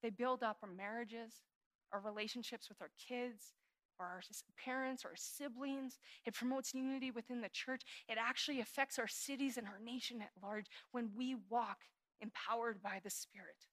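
A woman pastor in her thirties preaching a sermon in an earnest, confessional way, dropping to hushed prayer and then rising into animated emphasis. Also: fairly high pitch, normal speed.

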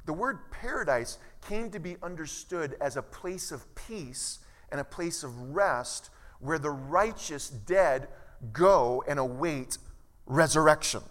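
Pastor preaching in a reverberant hall. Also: male voice, fairly high pitch, a bit bright. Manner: conversational, asks the congregation questions. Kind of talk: sermon.

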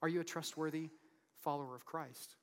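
A man preaching a sermon in an earnest, conversational way, asking the congregation frequent rhetorical questions and dropping to a soft voice for emphasis. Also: fairly high pitch, fairly even intonation, brisk. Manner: drops to a soft, quiet voice for emphasis. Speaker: pastor.

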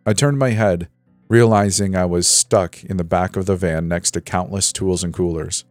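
A man narrating a horror story in a slow, measured way. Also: low-pitched, fairly even intonation, darkish tone, no room sound. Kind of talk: scripted narration. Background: faint music.

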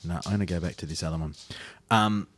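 A man's voice: low-pitched, fast talker, a little hiss or hum. A man co-hosting a podcast in casual chat, full of ums and restarts. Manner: hesitant, many ums and restarts, animated. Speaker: podcast co-host.

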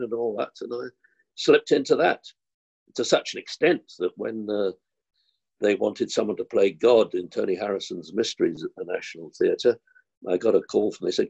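Older male actor guest, husky gravelly voice, low-set, self-deprecating anecdotal storyteller. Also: moderate pace, a little mellow, dull audio. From London, England. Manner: rambling, self-deprecating storyteller with short laughs. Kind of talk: relaxed anecdotal conversation.

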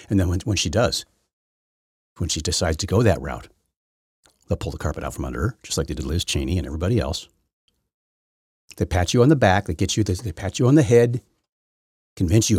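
A man's voice: sits low, big pitch swings, fairly quick, pauses often, a little mellow, slightly rough, no echo, clean studio sound. A man hosting his own political talk show, delivering an opinionated, rambling monologue full of restarts. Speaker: podcast host.

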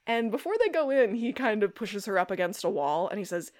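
A woman's voice: medium pitch, moderate pace, few pauses. A woman co-hosting a podcast, chatting casually as she recaps a show episode and acts out the characters' lines. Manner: animated, retells scenes with quoted lines and laughs. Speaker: podcast co-host.

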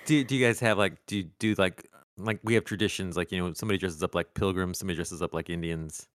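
A man's voice: low-pitched, steady tone, fast, no echo, studio quality. A man co-hosting a casual comedic podcast chat, jokey and rambling with restarts. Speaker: podcast co-host, shop manager character.

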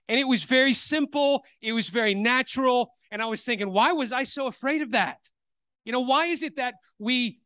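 A man's voice: very high-pitched, pushed and bright, clean tone, no room sound, clean studio sound. A man preaching, telling a personal story in a sermon with many fillers and restarts. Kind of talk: sermon testimony.

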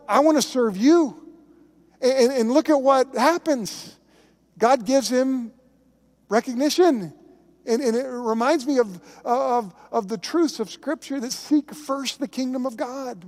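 A man's voice: very high voice, a little mellow, in a large hall. A man, a pastor, preaching a sermon in a conversational, emphatic way and telling stories.

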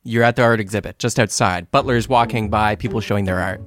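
A man running a tabletop game as game master, describing scenes in a halting way with many fillers. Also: lowish voice, a bit bright, no room sound, clean studio sound, faint music behind.

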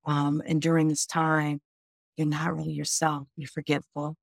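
A woman's voice: sits low, monotone, moderate pace, gravelly, no echo, studio quality. A woman doctor on a podcast explains grief in a conversational way. She often says "like" and voices people's inner questions.

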